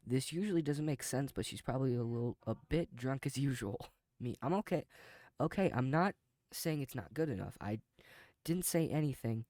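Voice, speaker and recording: A man's voice: mid-range voice, expressive, moderate pace, a little mellow, dry recording, clean studio sound. A man hosting a casual reaction video, reading posts aloud and commenting off the cuff with chuckles.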